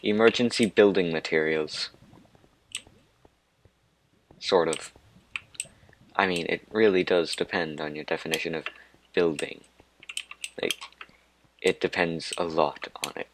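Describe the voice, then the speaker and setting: Male let's-play host, deep and unhurried, wanders off on tangents and pokes fun at himself. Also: steady tone, background noise. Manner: rambling, digressive and self-mocking. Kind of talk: gameplay commentary.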